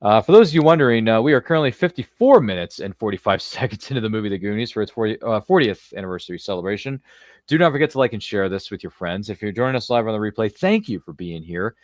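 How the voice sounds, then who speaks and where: A young man hosting a casual movie watchalong, chatty and animated, often reciting film lines. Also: on the low side, fast talker, no room sound, clean studio sound. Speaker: host.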